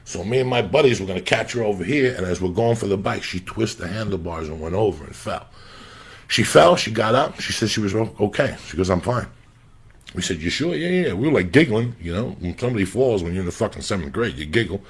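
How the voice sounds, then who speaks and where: Gravelly, raunchy storytelling man. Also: fairly low pitch, quick pace. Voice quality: gravelly, husky. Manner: raunchy, animated, swears constantly, acts out quoted voices. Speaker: comedian storyteller. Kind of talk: crude casual storytelling.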